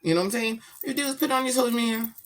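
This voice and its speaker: A middle-aged woman chatting casually about her daughter, animated and slangy as she tells stories. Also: fairly high pitch, racing. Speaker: vlogger, mother. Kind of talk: casual chat.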